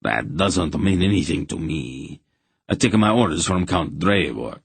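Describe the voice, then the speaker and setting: A harsh, threatening soldier captain barks orders in a rasping growl, as a man reads him in an audiobook. The voice sits very low and slightly husky. The sound is dry and close. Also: expressive, unhurried, no room sound, heavily acted. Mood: menacing.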